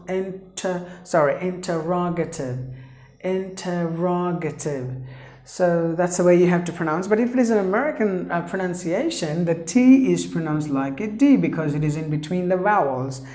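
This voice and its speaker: A woman teaching English pronunciation in a slow lesson. She spells out letters and repeats each word several times. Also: lowish voice, warm tone. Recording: echoey room.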